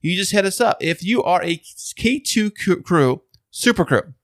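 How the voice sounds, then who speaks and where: Male co-host with a lively, bouncing pitch-man read and a dry close mic. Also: normal speed, no echo. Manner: upbeat, pitchman-like delivery. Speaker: podcast co-host. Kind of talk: casual chat, playful sales pitch. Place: home studio.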